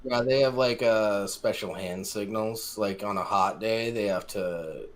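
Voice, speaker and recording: A man's voice: lowish voice, a little slow. A man co-hosting a podcast, chatting in a laid-back, agreeable way and sharing bits of trivia. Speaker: podcast co-host. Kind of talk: casual chat.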